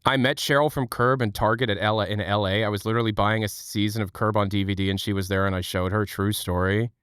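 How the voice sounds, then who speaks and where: A man's voice: on the low side, fairly even intonation, a bit bright, clean tone, no room sound, studio quality. A young man hosting a livestream, chatting with viewers in a rambling, joking way at home. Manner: rambling, joking, quick asides. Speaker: livestream host. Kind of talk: casual chat with chat viewers.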